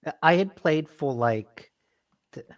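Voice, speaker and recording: A podcast co-host on a call, talking in a halting way full of fillers and laughing easily. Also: medium pitch, animated. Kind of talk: casual chat. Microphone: remote call mic.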